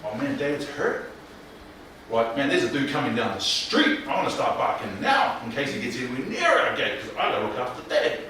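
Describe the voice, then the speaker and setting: A man's voice: mid-range voice, huge pitch swings, a little fast, pushed and bright, a little hiss or hum. A man voicing a loyal worried guard dog. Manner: pleading, confused, earnest. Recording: echoey room, distant mic.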